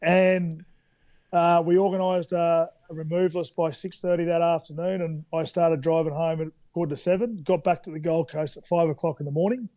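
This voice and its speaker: On the high side and fairly quick, the voice belongs to a thirties Australian man recorded with no room sound. Appearing as a guest in an easygoing interview, he spins candid anecdotes, stumbling through many fillers and restarts.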